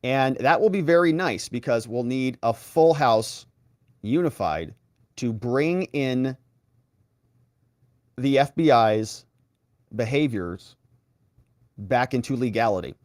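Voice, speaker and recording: A man's voice: mid-range voice, lively intonation, slow, long pauses, a little mellow, dry recording, studio quality. A man hosting a political commentary show, reacting to clips with sarcasm and mocking put-on voices.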